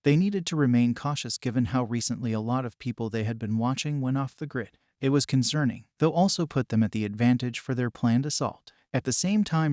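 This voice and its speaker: Male narrator for a fan story, steady even reading, mid-pitched, dry close sound. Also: no echo.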